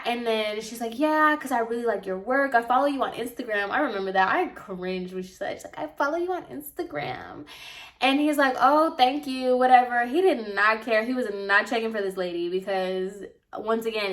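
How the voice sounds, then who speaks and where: A young woman vlogger and apprentice hairstylist telling a casual story, talking fast and loose with lots of "like", sounding exasperated. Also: mid-range voice, fairly bright tone. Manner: chatty, exasperated, heavy use of "like".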